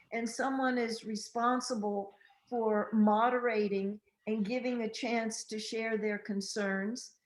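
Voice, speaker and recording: An older woman, a relationship counselor, telling a story in a gentle, measured and unhurried way during a group interview. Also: mid-range voice, reverberant, rough recording.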